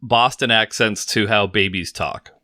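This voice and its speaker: A man's voice: on the low side, unhurried, pushed and bright. A man from the US Pacific Northwest co-hosting a podcast in casual chat, teasing dryly and explaining things at length. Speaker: podcast co-host.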